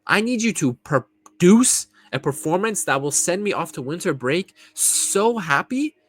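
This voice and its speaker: A man's voice: high voice, animated, unhurried. Profane man ranting about football. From California. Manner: profane, mocking, blunt. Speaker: football reaction vlogger. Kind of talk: casual ranting reaction.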